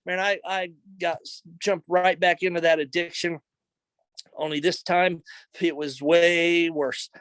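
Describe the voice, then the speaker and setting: A man's voice: high-pitched, a bit bright, no echo, low-quality recording. A middle-aged man sharing a personal testimony in his office, earnest and emotional, retelling events in a conversational way. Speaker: speaker sharing a recovery testimony.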